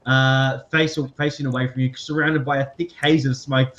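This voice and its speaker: A man's voice: medium pitch, little pitch movement, moderate pace, a bit bright, muffled recording. A man running a tabletop game as game master, narrating casually with many fillers and frequent laughs.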